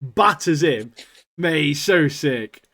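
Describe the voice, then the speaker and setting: A man's voice: fairly high pitch, takes it slowly. A man co-hosting a podcast, chatting animatedly and laughing often. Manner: animated, laughs often, says "mate" a lot. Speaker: podcast co-host. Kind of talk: casual chat.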